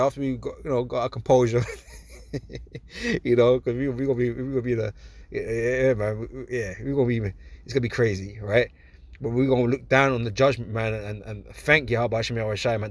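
A man giving an informal sermon, talking loosely with lots of filler words, reading scripture slowly and deliberately, and getting animated when he is excited. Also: medium pitch, no echo. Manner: loose and conversational, peppered with "man" and "you know". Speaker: religious teacher.

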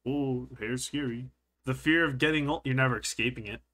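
A young man hosting a joking comedic commentary video, playful and jokey, often jumping into high squealing exclamations. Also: brisk, fairly bright tone. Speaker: streamer and video host.

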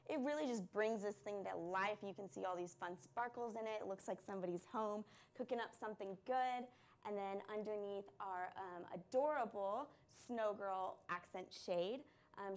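A woman hosting a live product stream, chatting casually and gushing over the items with plenty of "um" and "like.". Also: mid-range voice.

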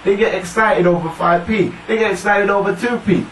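Emphatic male speaker, higher-pitched, room echo, some faint hiss. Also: a little fast, a bit bright. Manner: emphatic, repeats "yeah?" to the listener. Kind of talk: casual discussion. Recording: roomy, distant mic, faint noise.

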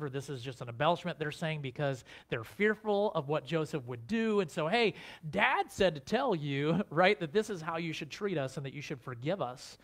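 A man, a pastor, preaching a conversational sermon, asking his listeners rhetorical questions and restarting his phrases. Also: on the high side.

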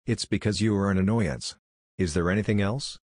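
A man's voice: fairly low pitch, a little fast, a little mellow, no room sound, clean studio sound, natural voice. A man reading as a lazy, blunt teenage boy. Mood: dismissive.

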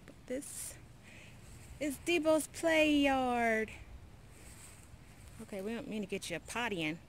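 A woman's voice: on the high side, lively intonation, slow, long pauses. A woman chatting casually to her viewers while walking her dog outdoors, slipping into baby talk. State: sweaty, a bit out of breath. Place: outdoors on a neighborhood walk.

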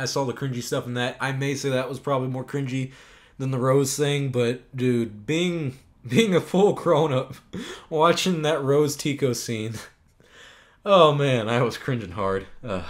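A young man hosting a casual podcast, answering viewer questions in an animated, rambling way, laughing and swearing. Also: medium pitch. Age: young adult. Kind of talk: casual chat.

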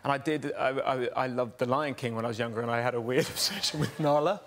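A man's voice: medium pitch, fast talker, fairly bright tone. A man sheepishly admitting something as a guest on a chat show. He laughs and trails off as he speaks. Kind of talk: casual chat show anecdote.

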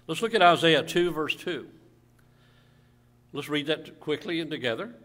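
A man's voice: high-pitched, very animated, unhurried, long pauses, a bit bright. A man pastor preaching a sermon, firing rhetorical questions at the congregation and calling for amens, with a cough now and then. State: coughing at times. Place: church sanctuary. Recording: church hall reverb.

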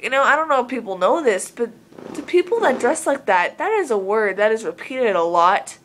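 A woman from Southern Oregon vlogs straight to camera in casual talk. She sounds earnest and rambling and leans on a lot of filler words. Her voice sits at a middling pitch for a woman. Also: slight background noise. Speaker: vlogger.

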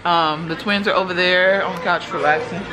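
A woman's voice: lowish voice, fairly even intonation, fairly quick, music in the background. A young woman chatting casually to her phone camera as a mom vlogger at home, calling her viewers y'all. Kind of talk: casual vlog talk to camera. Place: at home with babies. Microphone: phone held by hand. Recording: noisy home phone recording.

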